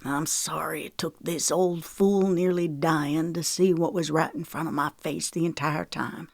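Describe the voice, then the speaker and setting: A woman narrator giving voice to a blunt older ex-soldier who grumbles under his breath. The voice sits low and dark, recorded dry and close with no room around it. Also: steady tone, unhurried, creaky, dry recording, heavily acted. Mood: hushed earnest. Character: gruff older man, former soldier, blunt.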